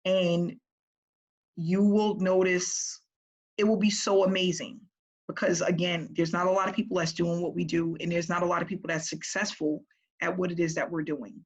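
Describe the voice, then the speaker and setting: A woman business coach talking to her group in a casual, energetic way, often checking in with "right?". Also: lowish voice, moderate pace, low-quality recording.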